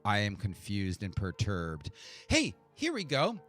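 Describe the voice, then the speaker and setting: A man's voice: on the low side, wildly swooping pitch, a little slow, a bit bright, soft background music. A man hosting a virtual pub quiz from home on a desk mic, chatting casually and joking with himself between answers. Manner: chatty, self-mocking, talks to himself. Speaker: quiz host. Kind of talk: casual live-stream chat. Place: home setup for an online stream. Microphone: desk mic with adjustable EQ.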